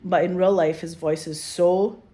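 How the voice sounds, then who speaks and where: A woman's voice: fairly low pitch, fairly even intonation, measured pace, dark tone. A woman, a filmmaker talking candidly in a casual interview, swearing freely and leaning on "like" as she acts out quoted voices. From Scotland. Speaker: filmmaker guest.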